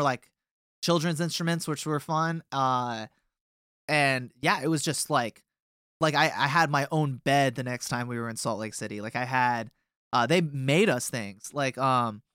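A man's voice: mid-range voice, moderate pace, a bit bright, clean tone, no room sound, clean studio sound. A young man from a touring band telling a long tour story in a casual, rambling way with many fillers.

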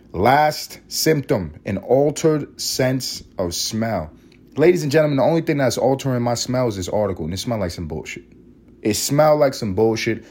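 Sniffly and congested from a cold, a young man rants through his solo podcast in a sarcastic, profane, casual way. His husky voice has a medium pitch and a darkish tone.

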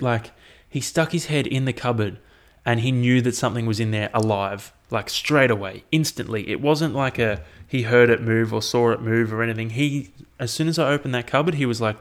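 A young man hosting a solo podcast, chatting casually and rambling with frequent swearing. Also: medium pitch. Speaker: podcast host.

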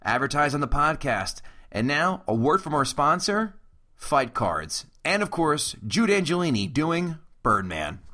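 Bright-voiced male podcast host. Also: a little high, big pitch swings, measured pace. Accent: Long Island. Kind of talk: podcast intro and read sponsor ad.

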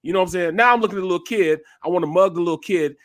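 A man, co-host and former football player, telling a story in casual chat and acting out the voices with loud bursts. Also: high voice, very fast, no echo. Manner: acts out dialogue with loud bursts.

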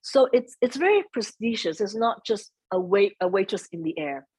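A soft-spoken woman being interviewed, chatting casually and mixing in Vietnamese phrases. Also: mid-range voice, expressive, moderate pace, husky, no echo, poor audio. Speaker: interview guest. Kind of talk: casual conversation.

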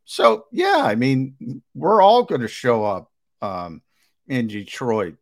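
A man giving sports analysis on a talk show, starting over often and pressing his points with emphasis. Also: medium pitch. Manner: hesitant restarts, emphatic and animated.

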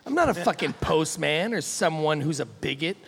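A man voicing a crude, boastful macho man who narrates his own love scene, reading it in a lower, coarser voice than his own. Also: animated, moderate pace, vocal fry, a bit bright, slight background noise. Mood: scornful. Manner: coarse swaggering first-person reading. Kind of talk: comic reading of a novel excerpt.

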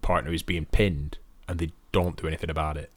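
A man with a low, deep voice talks in a dry, matter-of-fact way on a casual podcast. The sound is close and dead, with no room around it. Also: flat delivery, brisk, no room sound. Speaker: podcast co-host. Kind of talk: casual chat.

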